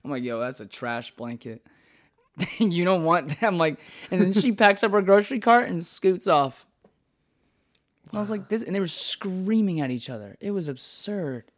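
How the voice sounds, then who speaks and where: A young man in casual chat, telling stories in an animated way, full of swearing and filler words. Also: high voice, normal speed. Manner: animated storytelling, lots of swearing and "like".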